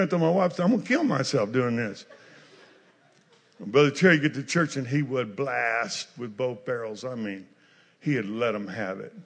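A man preaching a storytelling sermon who goes from shouted lines to quiet, chatty asides. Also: mid-range voice, moderate pace, vocal fry, slightly rough. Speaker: pastor. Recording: hall reverb.

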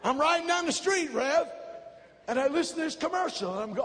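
Very high-voiced fiery male preacher. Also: lively intonation, brisk, big-room sound. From United States. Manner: fiery, shouting, dramatic. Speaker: pastor. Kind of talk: revival sermon. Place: large church.

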